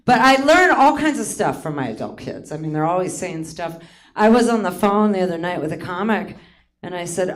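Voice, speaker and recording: Animated woman in her late fifties doing stand-up. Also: lowish voice, normal speed. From Hawaii. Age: 50s. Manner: animated, self-mocking, breaks into laughter. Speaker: stand-up comedian. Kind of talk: stand-up comedy set. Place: comedy theater stage with live audience.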